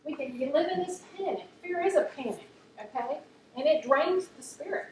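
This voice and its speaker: A woman giving an earnest, faith-based talk to a group, telling stories warmly. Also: sits high, animated, normal speed. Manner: warm storytelling, earnest, laughs at funny stories. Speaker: speaker at a talk on chronic illness. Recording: echoey room, mic at a distance, faint background noise.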